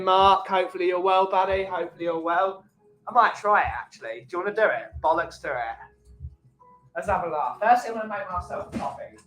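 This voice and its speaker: A man's voice: high-pitched, low-quality recording. Chatty man hosting a livestream. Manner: chatty, greets chat viewers by name, jokey. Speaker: coffee shop owner and livestream host. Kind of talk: casual livestream chat.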